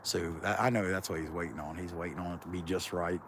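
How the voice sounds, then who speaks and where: A man's voice: low voice, steady tone, fast, background noise. A man from Central Ohio with a Kentucky accent, chatting casually and rambling on a live stream while out in farm fields. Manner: rambling, self-described lazy drawl. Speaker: livestream host.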